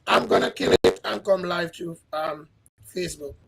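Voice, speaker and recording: A man hosting a livestream who talks in a halting, repetitive way and keeps asking his audience questions. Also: high voice, creaky, poor audio. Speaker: livestream host. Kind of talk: casual livestream chat. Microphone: livestream setup.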